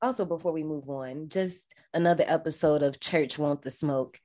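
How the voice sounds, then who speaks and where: A woman co-hosting a podcast in casual chat, recapping a film in an animated, profane way. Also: deep voice, normal speed. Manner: animated, profane, acts out characters. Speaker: podcast co-host.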